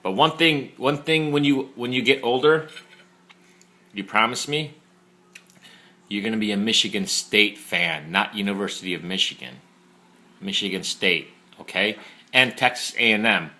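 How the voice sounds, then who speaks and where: A man's voice: lowish voice, moderate pace, long pauses, sharp tone. A father chatting playfully with his young child over a meal at home, teasing and coaxing, recorded on a phone set on the table. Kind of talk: casual chat with his child during a meal. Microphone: phone propped up on the table.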